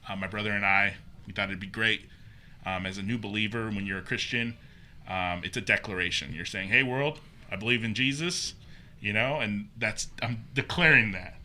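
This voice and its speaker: A man guest on a podcast, telling a personal story in a casual, animated way, acting out the voices he quotes and using plenty of fillers. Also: fairly low pitch, fairly quick, slight background noise. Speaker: podcast guest, haunted maze builder.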